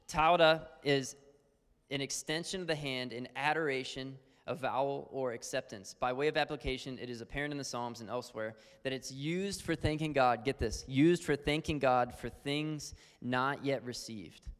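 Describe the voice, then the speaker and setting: A man's voice: mid-range voice, moderate pace, clear, resonant tone. A man teaching on worship in an earnest, conversational sermon style, full of fillers. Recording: long hall reverb.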